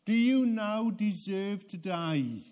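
A man preaching a sermon, swinging from loud emphatic peaks down to low, quiet passages with dramatic pauses. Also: expressive. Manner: slow, deliberate delivery with dramatic pauses.

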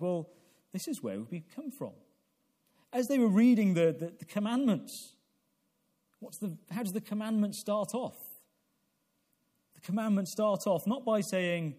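Preaching man with a mellow voice. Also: high-pitched. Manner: rhetorical questions, rising to emphatic peaks; repeats words when restarting. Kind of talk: evening sermon.

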